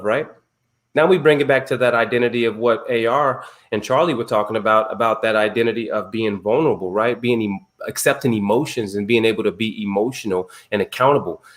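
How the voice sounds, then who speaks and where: A man's voice: mid-range voice, fairly bright tone. An emphatic man hosts a men's circle over a video call. He speaks casually with slang in an everyday mid-range voice. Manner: emphatic, slangy, personal storytelling. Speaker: circle host. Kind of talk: casual group talk.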